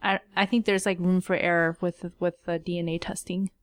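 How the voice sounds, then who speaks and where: A woman's voice: fairly low pitch, flat delivery, brisk, no echo. An American woman who is a podcast guest, explaining her thoughts in a hedging, casual way.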